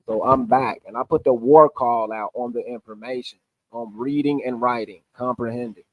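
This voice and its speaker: A man's voice: medium pitch, steady tone, normal speed. A man recapping an online debate on a livestream, emphatic and argumentative while he walks through sources on screen.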